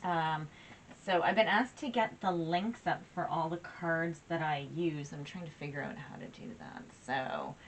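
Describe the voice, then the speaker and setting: Chatty tarot reader, a woman with a lowish voice, teary and emotional, faint hum behind. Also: a little slow, poor audio. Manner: chatty and warm-hearted, many fillers and restarts. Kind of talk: casual tarot reading to camera.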